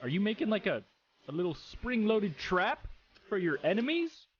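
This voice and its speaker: A man's voice: high voice, sing-song, normal speed, breathy edge, highs cut off. A man joking his way through comic reaction commentary on viral videos, playful and exclamatory.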